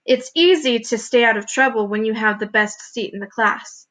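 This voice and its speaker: A woman teacher narrating a children's book aloud with clear, expressive reading. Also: fairly high pitch, moderate pace, poor audio. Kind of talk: storybook read-aloud narration.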